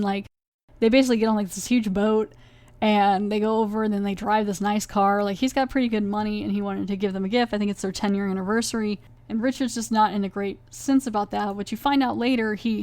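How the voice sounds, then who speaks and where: A woman podcast host talks her way through a TV episode in a casual, animated recap. Her voice sits at a middling pitch, and the recording is dry and close with no room sound. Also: no room sound. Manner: chatty, animated, retells scenes with quoted voices.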